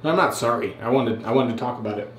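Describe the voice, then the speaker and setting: A man's voice: mid-range voice, quick pace, a little hiss or hum. Guy rambling casually while trimming his beard, self-deprecating, echoey room. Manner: rambling, self-deprecating, lots of fillers and restarts. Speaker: host. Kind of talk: casual vlog chat. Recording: roomy echo.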